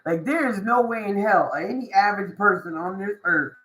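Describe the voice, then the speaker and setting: A woman giving a casual tarot reading to camera. She talks in a slangy, drawn-out way, swears, and laughs often between thoughts. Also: mid-range voice, fairly bright tone, soft background music, poor audio. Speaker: tarot reader.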